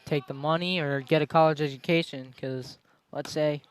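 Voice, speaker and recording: Young man calling high school baseball. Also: steady tone, normal speed, noisy background. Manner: chatty, tangents between pitches. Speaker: play-by-play announcer.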